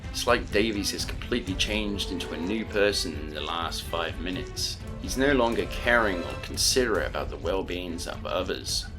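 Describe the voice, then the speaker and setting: A man reading an audiobook story as narrator, steady and earnest. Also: sits low. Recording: narration over music.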